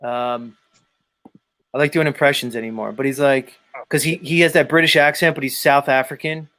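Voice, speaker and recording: A man hosting a live stream, talking casually in an animated, rambling way with frequent swearing. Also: medium pitch, moderate pace. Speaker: host.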